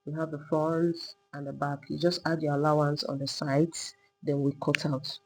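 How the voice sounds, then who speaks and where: A woman teaching a step-by-step sewing tutorial, calmly talking through each move while she drafts and cuts a pattern. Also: sits low, moderate pace, rough recording. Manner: patient, repetitive demonstrating, talking while working. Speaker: sewing instructor.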